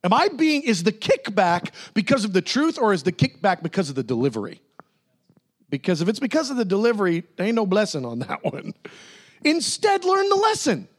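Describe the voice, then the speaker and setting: A man with a notably high-pitched voice preaches a lively sermon to his congregation. He jumps between bright, excited bursts and low, earnest stretches, and laughs often as he talks. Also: brisk. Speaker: pastor.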